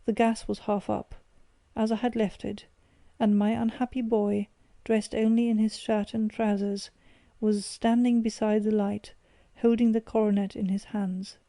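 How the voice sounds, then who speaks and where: A woman narrating an audiobook in a measured, expressive reading. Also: medium pitch, no room sound.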